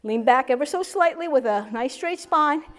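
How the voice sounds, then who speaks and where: A woman fitness instructor leading a seated strength class, upbeat and encouraging, with loud whoops and a slightly winded voice. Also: high voice, expressive, moderate pace. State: a little out of breath.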